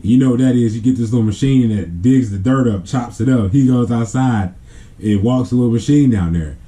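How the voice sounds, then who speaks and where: A man's voice: mid-range voice, fairly quick, dark tone. A man telling a family story in a casual, rambling way. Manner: rambling, with many fillers and restarts. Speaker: family vlogger.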